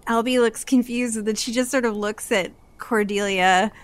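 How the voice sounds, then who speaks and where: A woman playing a tabletop game, giggly and quick to react. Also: a little high, steady tone, dry recording. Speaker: player. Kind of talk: tabletop role-play.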